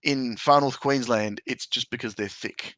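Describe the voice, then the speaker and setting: Male podcast host, bright and forceful tone, dry close sound, chatty and joking. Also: mid-range voice, measured pace, dry recording. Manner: chatty, joking, repeats himself. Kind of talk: casual chat.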